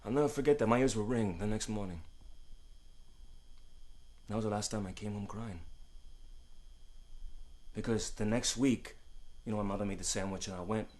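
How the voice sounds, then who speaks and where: A man acting a boxer recalling his childhood in a dramatic monologue, halting and repetitive, with many fillers. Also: on the low side, darkish tone, close to an everyday voice. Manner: halting, repetitive, full of "you know".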